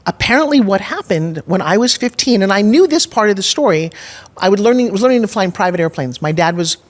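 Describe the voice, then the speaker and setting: A woman's voice: mid-range voice, animated, fast talker. A middle-aged woman as a podcast guest, telling a personal story candidly and with emphasis, acting out her own past thoughts. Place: studio in Nashville.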